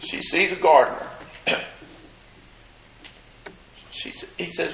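A man preaches a sermon, his tone high and bright. He gets fervent, pushing his voice up and louder whenever he retells the words of scripture figures. The sound rings around an echoey church room. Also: slow, gravelly, a little hiss or hum. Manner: fervent, rises high and loud in retold dialogue.

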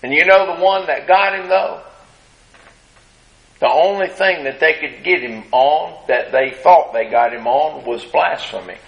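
A man preaching a sermon, retelling a scene dramatically and acting out the crowd's shouts. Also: a little high, vocal fry, lo-fi sound. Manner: slow, drawn-out delivery with long pauses.

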